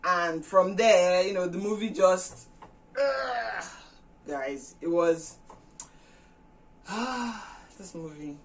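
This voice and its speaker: A woman vlog host retelling a movie plot in a chatty, animated way with many fillers. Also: on the low side, extremely slow, long pauses, recorded from a distance, rough recording. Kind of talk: casual storytelling retelling a film.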